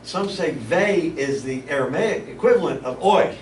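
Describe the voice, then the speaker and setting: A man teaches a Bible study in a relaxed, conversational way, breaking off and restarting his thoughts. He is picked up from a distance in an echoey room. A steady hiss of background noise sits under his voice. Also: a little high, moderate pace. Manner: conversational, stops and restarts often.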